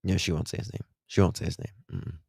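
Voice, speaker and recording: A man's voice: sits low, little pitch movement, fast talker, vocal fry, warm tone, slightly rough, no echo, studio quality. A man with an Appalachian accent giving blunt, sarcastic true crime commentary while reacting to interview clips.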